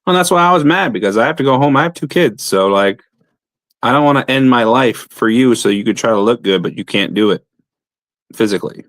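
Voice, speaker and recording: A man's voice: mid-range voice, expressive, brisk, a bit bright, no room sound. A man, a pro wrestler guest, telling a blunt, profane story in casual talk.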